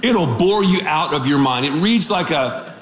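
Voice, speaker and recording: A man preaching a radio sermon as a pastor, telling stories in an animated, joking way. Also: on the high side, a little slow, echoey room.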